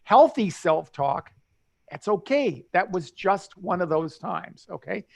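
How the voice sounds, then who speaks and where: High-voiced man coaching nervous flyers. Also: animated, slow pace, creaky. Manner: earnest, reassuring, with many restarts. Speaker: airline pilot and show host. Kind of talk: live talk show, explaining to nervous flyers.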